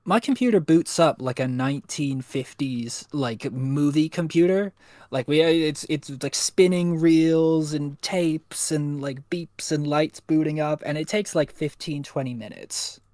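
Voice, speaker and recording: A man's voice: on the high side, a little slow, darkish tone, no echo, studio quality. Give me a self-mocking man co-hosting a livestream, chatty and a bit sweary. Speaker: co-host. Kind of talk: casual livestream chat. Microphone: USB desk microphone.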